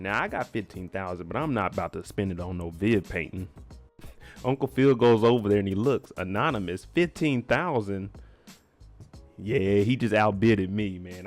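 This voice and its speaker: A man giving a chatty, slangy, opinionated recap of a TV episode. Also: fairly low pitch. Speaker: TV recap vlogger. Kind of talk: casual recap commentary.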